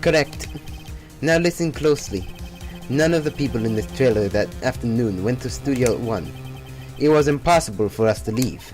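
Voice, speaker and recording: A man's voice: mid-range voice, animated, moderate pace, a little mellow, soft background music, natural voice. A man voicing a brusque middle-aged female TV producer, with terse, clipped lines and a loose attempt at an Italian accent.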